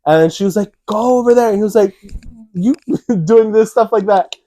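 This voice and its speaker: In a relaxed conversation, a young man co-hosting shares stories at normal speed in a mellow, fairly high voice. He animatedly performs quotes by lifting his voice, and the audio is close and dry with no surrounding room.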